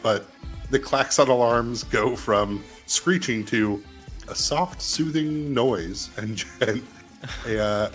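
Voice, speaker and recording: A man's voice: medium pitch, fairly bright tone. Laughing man running a tabletop game. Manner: laughs often while narrating, playful. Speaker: game master.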